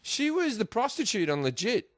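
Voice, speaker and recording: A man's voice: sits high, sing-song, moderate pace, no room sound. A man in his forties with an Australian accent, a comedian telling a crude, sweary story in a casual podcast chat. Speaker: comedian guest.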